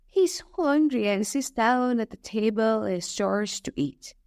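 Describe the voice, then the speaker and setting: Slow, expressive woman storyteller. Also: fairly high pitch, no room sound, clean studio sound. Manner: slow, clear, expressive reading. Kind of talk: storybook narration for English learners.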